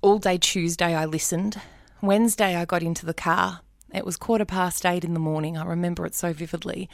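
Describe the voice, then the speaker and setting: An Australian woman in her forties with a lowish voice tells a personal story, lively and expressive, slipping into her past self's thoughts as she goes. The sound is close and dry, with no room around it. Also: brisk, creaky, dry recording. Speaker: guest, radio announcer. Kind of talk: storytelling in a casual faith interview.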